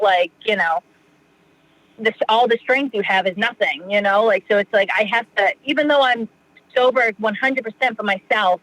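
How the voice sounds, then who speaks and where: A woman's voice: medium pitch, a bit bright, no echo, low-quality recording. A woman in her thirties from Massachusetts, a podcast guest chatting casually about her recovery, rambling with lots of "you know" and restarts. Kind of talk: casual interview talk.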